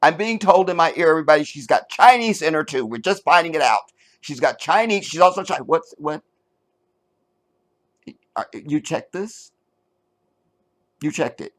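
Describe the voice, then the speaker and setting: A middle-aged man hosting a commentary show, reading an article aloud and mocking it with sarcasm, jumping between loud outbursts and low mutters. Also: lively intonation, moderate pace, long pauses. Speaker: commentary channel host.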